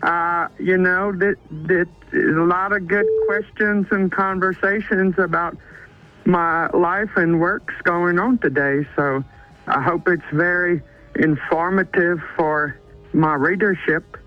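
Guy doing a rambling self-important author, halting, muffled phone line. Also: high voice, fairly even intonation, faint music behind. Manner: halting, hesitant delivery. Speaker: radio caller.

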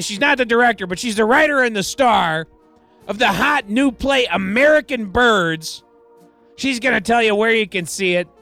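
Here a radio DJ with a high, sharp, bright voice chats casually on a studio mic, soft music running underneath. Between credits he digresses with dry, self-deprecating humor, deadpan throwaway lines and frequent restarts.

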